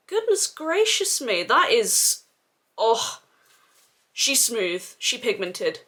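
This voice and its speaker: A woman's voice: medium pitch, a bit bright. A young woman doing a casual makeup review, gushing and exclaiming with casual swearing. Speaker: beauty vlogger.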